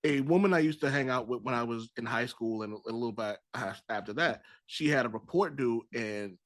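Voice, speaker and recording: A man's voice: mid-range voice, a little fast, no echo. Rambling Boston man on a dry mic. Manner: loose, rambling, swears casually. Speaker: podcast host. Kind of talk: casual podcast chat.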